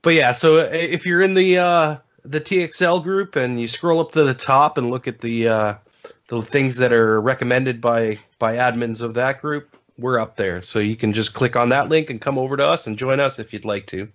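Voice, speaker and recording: Speaking at a moderate pace with a fairly bright tone and an ordinary middle pitch, a podcast guest wanders through his gaming stories. His talk is loose and casual, peppered with fillers like "um" and frequent restarts. The audio sounds dull and lo-fi.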